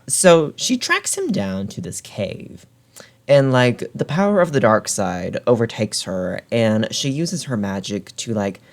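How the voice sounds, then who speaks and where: A man recapping a book in a casual vlog, chatty and full of fillers, often laughing. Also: on the low side. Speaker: book reviewer.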